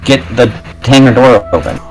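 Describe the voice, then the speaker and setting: A man playing in a tabletop game, chatting in an animated, playful way. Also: medium pitch, moderate pace, low-quality recording. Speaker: player. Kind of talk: casual game table chat.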